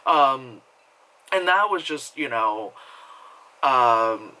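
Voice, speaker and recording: A man's voice: medium pitch, animated, extremely slow, bright, forceful tone, rough recording. A man talking casually from home as he reviews a movie, rambling, swearing freely and laughing at himself. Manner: rambling, profane, self-mocking with frequent laughs.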